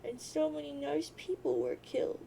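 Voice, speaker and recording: A woman's voice: high voice, fairly even intonation, creaky, mellow, slight background noise, poor audio. A woman voicing a grieving, lost teenage girl who sobs and wails. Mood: mournful. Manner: sobbing, wailing drawn-out boo-hoos.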